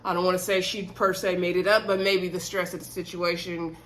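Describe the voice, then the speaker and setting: A woman's voice: fairly low pitch, little pitch movement, brisk, fairly bright tone, slight background noise, low-quality recording. A woman recaps a reality TV episode in a loose, chatty way. She keeps slipping into the voices of the people on the show and calls her audience "y'all" as she talks straight to them. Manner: chatty, retells scenes while acting out the cast's lines; addresses viewers as "y'all". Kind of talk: casual episode recap to camera.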